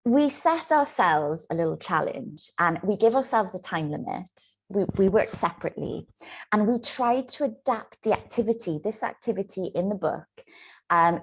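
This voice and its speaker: A woman presenting a teaching webinar over a video call, explaining in a clear, steady way. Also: fairly low pitch. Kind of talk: webinar presentation and demo dialogue.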